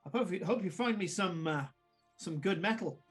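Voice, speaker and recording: A man puts on a gruff old female dwarf blacksmith in a tabletop game. She is brusque and businesslike, and her voice sits slightly high. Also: animated, normal speed, faint music behind. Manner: brusque, businesslike, calls others lad.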